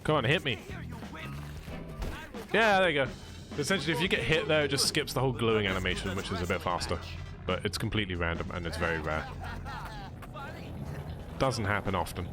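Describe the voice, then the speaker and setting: A young British man speaks a little fast and on the low side, leaving long pauses as he gives laid-back, joking commentary on a speedrun. He explains the tricks while playing, in the style of a casual live stream, with game music behind him.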